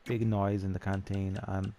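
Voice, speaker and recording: A man's voice: low-pitched, level tone, moderate pace, mellow. A young Irish man telling a story in a rambling, chatty way with swearing, over a game. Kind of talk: casual storytelling over gameplay.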